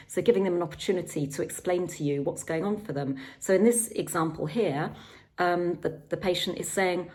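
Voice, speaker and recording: A middle-aged woman with a low, soft-set voice talks carers through a training exercise. She is calm and gentle and often pauses on an um or repeats a word before going on. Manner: calm, gentle, with frequent ums and repeated words. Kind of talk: instructional talk.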